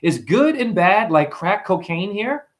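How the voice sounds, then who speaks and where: Man, high voice, lively pitch, profane rambling rant, livestream host. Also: unhurried. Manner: profane, animated, mimics customers in high voices.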